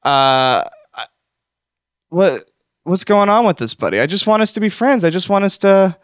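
A man's voice: high-pitched, expressive, moderate pace, smooth, no echo, clean studio sound. A man hosting a comedic call-in show, talking in a rambling, self-deprecating, mock-wounded way.

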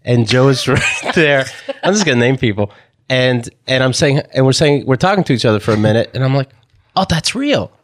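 A man co-hosting a relaxed podcast, with a lively voice that rises and falls a lot. He laughs through his sentences. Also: mid-range voice, fairly quick, a little hiss or hum. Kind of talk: casual chat.

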